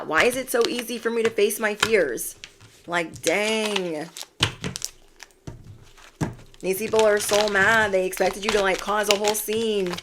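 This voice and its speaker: A woman's voice: mid-range voice, noisy background. A woman giving an emphatic pick-a-card tarot reading, repeating affirmations. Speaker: tarot reader.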